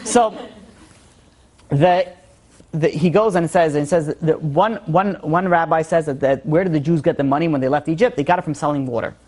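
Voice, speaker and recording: A man's voice: fairly high pitch, moderate pace, darkish tone. A man teaches an informal Torah lesson in a storytelling way. He talks with animation and often stops and restarts his sentences as he works through the point.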